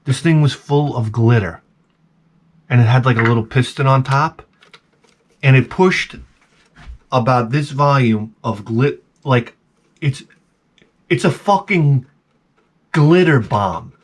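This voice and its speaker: An older man hosting a vlog, telling a comic story in an animated, profane way and acting out his own reactions. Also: mid-range voice, takes it slowly, pauses often. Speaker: vlog host.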